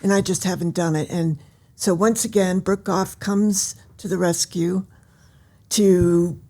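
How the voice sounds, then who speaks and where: Older woman, author guest, husky, slightly low pitch, lively theatrical storyteller. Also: measured pace. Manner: animated storyteller who acts out scenes. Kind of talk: casual interview chat.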